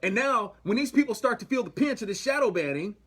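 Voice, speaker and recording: A man's voice: sits high, lively intonation, fast, a bit bright. A man hosting a livestream, talking casually about the Bible and the news, rambling with many restarts and chuckling asides. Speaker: livestream host.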